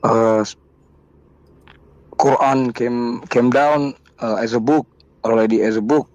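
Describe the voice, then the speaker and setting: A man calling in to a debate show, speaking haltingly with many stammers and fillers. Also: mid-range voice, steady tone, darkish tone, no echo, muffled recording. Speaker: caller. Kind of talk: hesitant call-in chat.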